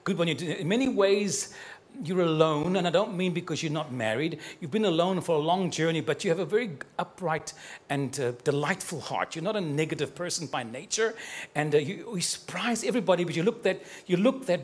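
During a live prophetic sermon, a man speaks straight to individual congregants with fervent affection, joking and laughing as he goes. His voice is a little high, animated, and brisk.

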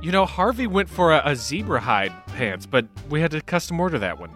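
A man's voice: a little high, big pitch swings, fairly quick, a bit bright, faint music behind. A man in an improvised comedy sketch playing a fumbling, overly polite male tailor who stammers and apologizes. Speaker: podcast co-host.

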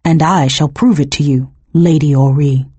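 A woman puts on a coldly measured male cult leader who clips his words for an audiobook. The voice is low, husky and dry. His pitch moves a lot while he lays out his zealous reasoning. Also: fairly even intonation, warm tone, dry recording. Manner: coldly measured, slightly clipped.

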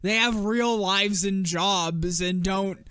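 A man's voice: high voice, slow pace, sharp tone, smooth. A man hosting a casual podcast, laughing often and swearing freely in rambling talk. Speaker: podcast host.

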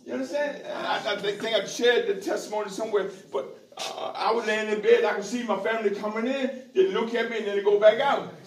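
A man preaching a sermon as bishop, repeating hallelujah and rising into shouts. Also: high voice, steady tone, fairly quick, few pauses, slight background noise. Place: church sanctuary. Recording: echoey church from far off with congregation.

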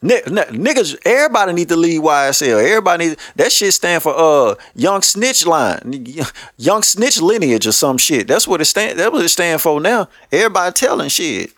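A man's voice: on the high side, big pitch swings, normal speed, a bit bright, no echo, clean studio sound. A man hosting a podcast, ranting blunt, profane commentary and laughing often. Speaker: podcast host.

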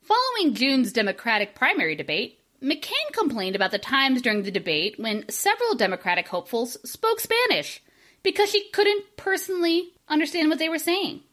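Animated high-voiced woman podcast host. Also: normal speed. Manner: reads out notes, playful and sarcastic. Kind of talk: casual comedic podcast chat.

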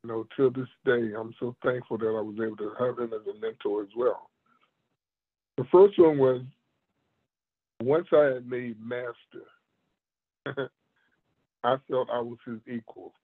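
Male martial arts master, animated storyteller, husky, heard over a tinny phone-like line. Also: medium pitch, measured pace, pauses often. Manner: animated storyteller, laughs often. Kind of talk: storytelling in a conversation.

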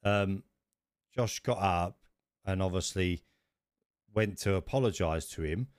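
A man co-hosting a podcast, telling stories in an animated way. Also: sits low, a little slow, no echo, clean studio sound. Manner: animated storytelling, rising when worked up. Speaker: podcast co-host. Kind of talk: casual chat.

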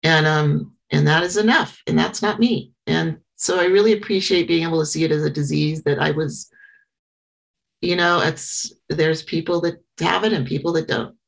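A middle-aged woman sharing her story at a small meeting, halting and earnest, with frequent pauses and restarts. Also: low-pitched, vocal fry, rough recording. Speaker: member sharing at a support meeting. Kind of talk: personal share at a small meeting.

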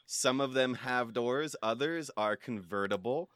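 A man's voice: medium pitch, measured pace, dry recording, clean studio sound, lightly acted. A man playing a rambling, bumbling car salesman. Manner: rambling, stumbling, deadpan nonsense. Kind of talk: improvised comedy skit.

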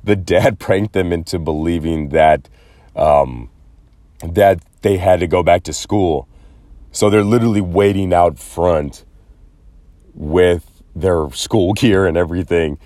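A deep-voiced man rants sarcastically in a loose, rambling way, hosting his own show. He often slips into mocking voices to quote others. The sound is dry and close, with no room echo. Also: slow pace, dark tone. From Los Angeles area. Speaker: podcast host. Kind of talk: casual solo commentary.

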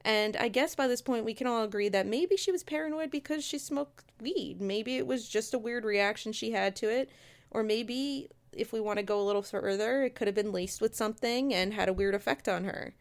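A woman's voice: fairly high pitch, brisk. A woman casually telling a true-crime story, chatty and conversational, with asides to her listeners. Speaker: storyteller host.

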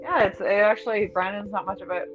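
A young woman as a podcast guest, soft-spoken and shy, laughing in casual family chat. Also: medium pitch, fast, dull audio, faint music behind.

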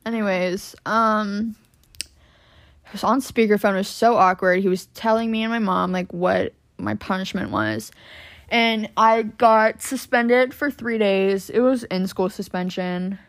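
A medium-pitched young woman, unhurried, tells a rambling story on a podcast, keeping it casual and sprinkling in plenty of "like" and swearing.

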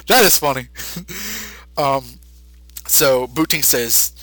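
A man's voice: medium pitch, measured pace, long pauses, sharp tone, dry recording, rough recording. A man co-hosting a podcast, casually recapping a story with lots of fillers and frequent laughs. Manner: chatty, many fillers, laughs often. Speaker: podcast co-host.

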